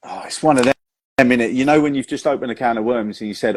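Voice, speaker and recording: Husky chatty man hosting a live chat. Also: mid-range voice, animated, quick pace, darkish tone. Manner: chatty, laughs a lot, swears in anecdotes. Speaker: host, magician. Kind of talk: casual chat on a live show.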